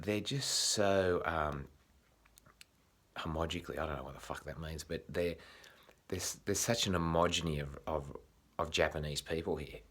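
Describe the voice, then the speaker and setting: A man's voice: extremely low pitch, fairly bright tone, breathy edge. An Australian man vlogging in a casual, rambling monologue, swearing often and restarting his sentences. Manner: frequent swearing, halting restarts.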